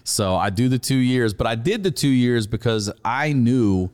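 A middle-aged man from Maryland, a comedian guest telling a profane, animated story in casual conversation. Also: mid-range voice, moderate pace.

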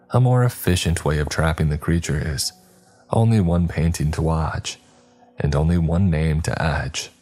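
Very deep husky horror narrator. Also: male voice. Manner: measured, dramatic storytelling. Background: soft background music.

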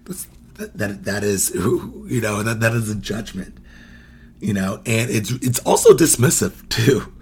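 A man's voice: fairly low pitch, lively intonation, unhurried, husky. A man hosting a podcast, talking casually as he teaches, quizzing listeners, laughing often and acting out quoted phrases. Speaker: podcast host.

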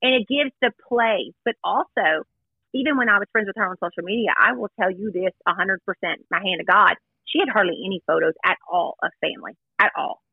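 A woman's voice: mid-range voice, brisk, vocal fry, slightly rough, no room sound. Blunt chatty woman on a tinny line. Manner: chatty, blunt, self-deprecating storyteller. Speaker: guest. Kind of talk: casual chat.

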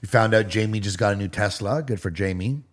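A man with a Canadian accent co-hosting a podcast, speaking haltingly and often restarting his sentences. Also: on the low side. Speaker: podcast co-host. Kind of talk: casual banter.

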